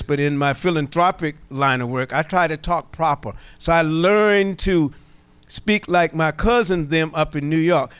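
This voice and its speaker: A middle-aged man from coastal Georgia with a Gullah Geechee Southern accent, telling folksy, animated stories in a workshop talk to a live audience. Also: on the high side, clear, resonant tone, no echo. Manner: animated storyteller, folksy, jokes with the room. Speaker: workshop presenter. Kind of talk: storytelling lecture to a live audience.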